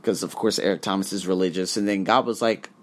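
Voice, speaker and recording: A man's voice: low-pitched, fairly even intonation, fast talker. Earnest rambling man vlogging. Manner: earnest, rambling, swings from hushed to emphatic with some swearing. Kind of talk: reflective self-help monologue.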